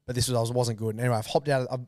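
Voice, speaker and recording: A young Australian man in his twenties tells a long, rambling story as a podcast guest. He laughs mid-sentence and bursts into loud shouted lines. His voice sits in a middle pitch, recorded close and dry with no room sound. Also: steady tone, very fast, no echo. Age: 20s. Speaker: guest runner. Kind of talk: casual storytelling.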